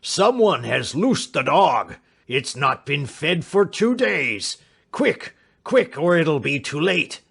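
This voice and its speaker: A man's voice: on the high side, very animated, slow pace, gravelly, fairly bright tone, husky, pitched above the performer's own voice, exaggerated voice. A man doing a panicked old servant. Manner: frantic, crying out urgently. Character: elderly red-faced male servant, panicked.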